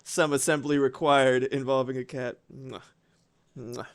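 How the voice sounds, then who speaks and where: A man's voice: medium pitch, level tone, unhurried. A man streaming live from home, chatting casually with his audience and swearing now and then.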